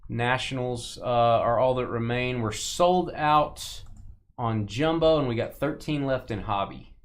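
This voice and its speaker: A man's voice: medium pitch, a little slow. A man hosting a live sports card break stream, chatting and joking with viewers and greeting them by name. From Texas.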